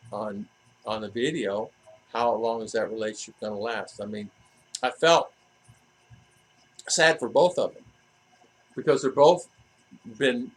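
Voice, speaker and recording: A man's voice: fairly low pitch, poor audio. A man vlogging in a casual, rambling monologue, often restarting his sentences and adding asides. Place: living in the Philippines.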